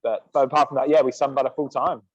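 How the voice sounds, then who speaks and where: As a podcast guest, this man in his thirties, who co-founded a sunscreen company, chats fast and casually in a mid-range voice. He meanders in a relaxed way with heavy use of "like" and "um." The recording is dull and dry with no room sound.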